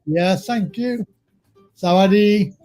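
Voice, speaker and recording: A man's voice: sits high, slow, warm tone, soft background music. A man hosting a live stream, chatty, self-mocking and easily exasperated. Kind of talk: casual live-stream chat. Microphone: video call stream mic.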